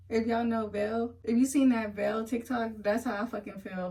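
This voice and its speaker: A woman's voice: on the high side, normal speed, few pauses. A woman vlogging a casual monologue to her viewers, blunt and profane as she rants heatedly. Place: home in Atlanta. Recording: voice a bit far from the mic.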